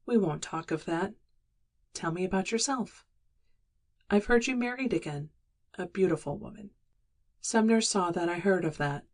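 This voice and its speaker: A woman reading the lines of a weary, regretful young working-class woman in an audiobook, in a quiet, resigned and wistful manner. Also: fairly low pitch, moderate pace, long pauses.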